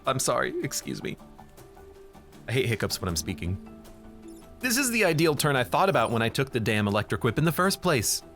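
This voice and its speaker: A man's voice: medium pitch, sing-song, brisk, long pauses, fairly bright tone, faint music behind. A man streaming a strategy game, thinking aloud as he plans each move and often correcting himself. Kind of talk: live game commentary.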